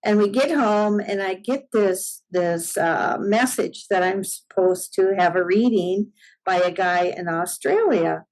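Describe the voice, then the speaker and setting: A woman's voice: medium pitch, unhurried, a little mellow, low-quality recording. A middle-aged woman in a podcast interview, telling a story in a casual way and acting out the dialogue with frequent laughter. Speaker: podcast guest.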